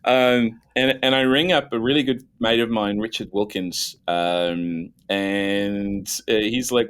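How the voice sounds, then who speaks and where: Male guest, casual self-deprecating storyteller, average pitch. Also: measured pace, few pauses. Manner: animated, self-mocking anecdotes with many restarts.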